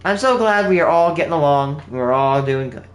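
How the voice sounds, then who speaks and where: Streaming a game live, this young man chats with viewers casually and earnestly, drifting from topic to topic. His voice sits a little high and sounds animated at a normal speed. There's echo in the room and a low hum behind him.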